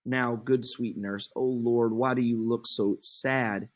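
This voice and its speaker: A man reading the part of an impatient young girl in love, slowly and evenly from the text in a classroom play reading. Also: medium pitch, steady tone.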